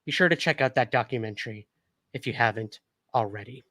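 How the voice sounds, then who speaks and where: A man's voice: mid-range voice, brisk, sharp tone, dry recording. A young adult man hosting a livestream, chatting casually with viewers and reading news articles aloud, hiccuping a little from whiskey. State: hiccuping after drinking whiskey. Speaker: livestream host.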